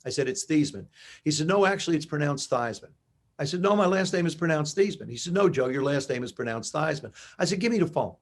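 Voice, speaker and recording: A man in his seventies from New Jersey, a guest in an interview, telling animated stories and acting out dialogue. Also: fairly high pitch, racing, hardly any pauses. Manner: animated anecdotes with acted-out dialogue. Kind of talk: conversational storytelling.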